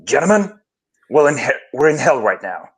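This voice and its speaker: A man's voice: mid-range voice, big pitch swings, normal speed, breathy edge. A man impersonating an impassioned middle-aged football coach delivering a rousing locker-room speech. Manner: rousing, dramatic pep-talk delivery.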